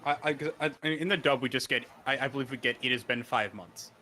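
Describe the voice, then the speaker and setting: A man's voice: mid-range voice, fast, sharp tone. A man co-hosting a podcast, talking casually and tripping over his words as he starts. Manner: hesitant, repeats words as he starts. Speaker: podcast co-host. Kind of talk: casual chat.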